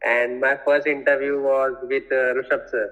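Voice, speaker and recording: A software developer is an interview guest on a video call, talking casually but hesitantly, with many fillers and restarts. His medium-pitched voice is level, moderately paced and a bit bright, and the recording has its highs cut off.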